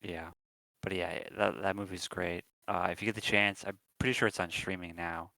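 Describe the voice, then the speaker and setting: A man's voice: low-pitched, steady tone, moderate pace, bright, forceful tone, dry recording, rough recording. A man co-hosting a podcast, chatting casually and rambling with lots of ums and restarts. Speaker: podcast co-host. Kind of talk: casual chat.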